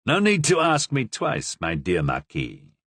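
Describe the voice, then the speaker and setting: A man voicing an arrogant, mocking nobleman who talks in a smug, drawling, low manner. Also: huge pitch swings, a little slow, a bit bright, breathy edge, no echo, heavily acted. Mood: taunting.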